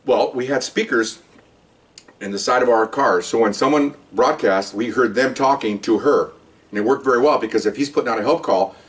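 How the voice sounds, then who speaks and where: An older man, retired from the police force, recounts a funny episode from his working days in a casual anecdote. His voice is medium-pitched and his pace normal, and the mic sits at a distance. He wanders through the tale, chuckles at it himself, and imitates the voices of the people involved.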